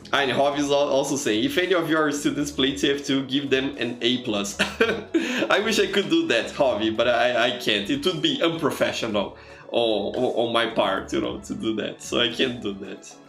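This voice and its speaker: A man's voice: mid-range voice, fairly bright tone. Chatty man streaming games. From Brazil. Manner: chatty, greets viewers by name, many "you know" fillers. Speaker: streamer and teacher. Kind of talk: casual live-stream chat over gameplay. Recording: echoey room with faint music.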